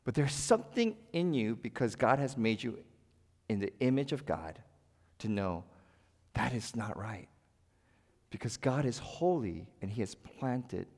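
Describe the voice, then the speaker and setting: Man preaching in a reverberant church. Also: mid-range voice. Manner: dramatic swings between loud emphasis and hushed quiet. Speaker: pastor. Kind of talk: sermon.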